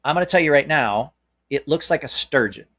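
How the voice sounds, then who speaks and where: A man's voice: a little high, expressive, a little fast, fairly bright tone. A man with a Southern American accent hosting a casual knife chat, blunt and opinionated, swearing freely, with lots of stops and restarts. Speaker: knife channel host. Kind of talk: casual live-stream chat.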